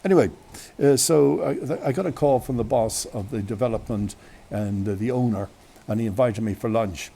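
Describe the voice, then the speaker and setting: Irish male radio host with a mellow, gravelly voice; chatty, meandering anecdotes outdoors. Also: mid-range voice, moderate pace. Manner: chatty, digressive, many restarts and asides. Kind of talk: rambling anecdotal storytelling. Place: outdoors on a windy day. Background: wind.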